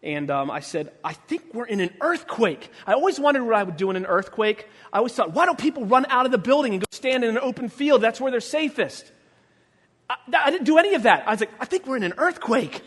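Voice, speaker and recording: Male preacher with a strikingly high voice; a playful sermon, acted-out quotes, loud and soft turns, echoing sanctuary. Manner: humorous storytelling, acting out quotes, swinging from soft to loud. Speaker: pastor. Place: church sanctuary. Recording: long church reverb.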